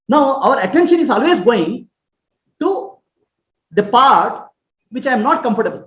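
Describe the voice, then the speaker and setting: A woman with a fairly high voice gives an earnest spiritual talk, explaining step by step and checking that her listeners understand. The recording is roomy and a little dull, as if captured in an echoing space with modest equipment. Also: animated, normal speed. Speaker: spiritual teacher. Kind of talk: spoken teaching on self-acceptance.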